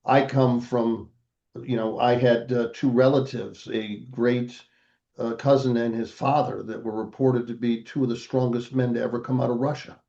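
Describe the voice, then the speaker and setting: A man's voice: medium pitch, level tone, normal speed, vocal fry, warm tone, dull audio. An older man, a podcast guest, telling a family story in a casual interview and acting out the voices of the people in it.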